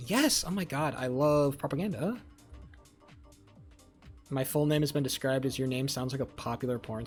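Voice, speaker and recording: A young man with a slightly high, somewhat mellow voice chats casually with his live-stream viewers. He rambles, swears, and cracks jokes while reading the chat aloud.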